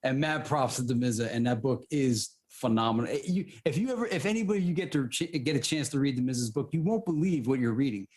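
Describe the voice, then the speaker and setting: A man co-hosting a podcast, telling a story in casual chat with lively restarts. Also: medium pitch, fast talker, hardly any pauses. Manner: animated storytelling, restarts often. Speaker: podcast co-host.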